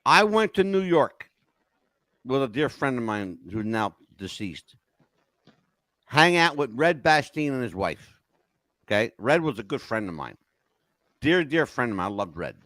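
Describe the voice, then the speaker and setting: An older man hosting a podcast, telling animated stories in an emphatic way and checking in with "okay?" as he goes. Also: medium pitch, unhurried, long pauses, no echo. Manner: emphatic, keeps asking "okay?". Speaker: podcast host. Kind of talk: animated storytelling chat.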